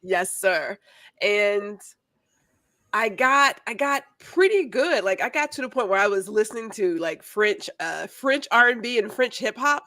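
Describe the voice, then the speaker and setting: A woman who is a guest on a casual live stream, friendly and animated, with many restarts in her speech, over a video call setup. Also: medium pitch, a little slow, no room sound. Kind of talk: casual chat.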